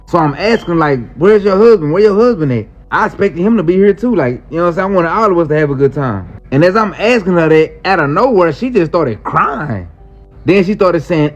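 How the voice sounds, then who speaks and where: A man's voice: high voice, brisk. A man casually telling a wild personal story in slangy speech, acting out the quoted lines. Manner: animated, slangy, acts out quotes. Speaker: storyteller in a clip. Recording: muffled clip with faint music.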